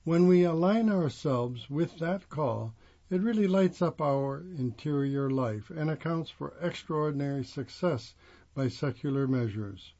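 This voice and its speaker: A man's voice: on the high side, animated, a little slow, dark tone, highs cut off. Older man telling his life story. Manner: reflective storyteller who acts out quoted dialogue. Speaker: former prosecutor and judge turned clergyman. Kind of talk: first-person storytelling monologue.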